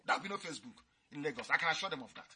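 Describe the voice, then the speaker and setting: Man broadcasting on radio, high voice, sharp and forceful, mocking tone. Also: lively intonation, very fast, husky. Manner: fiery, mocking, repetitive. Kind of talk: impassioned radio address.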